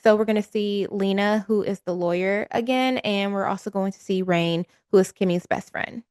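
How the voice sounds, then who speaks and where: Young woman cohost, crisp smooth voice, laid back, lots of you know. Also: medium pitch, normal speed, a little mellow, dry recording, clean studio sound. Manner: easygoing, walks through a list with "you know". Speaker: podcast co-host. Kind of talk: casual recap chat.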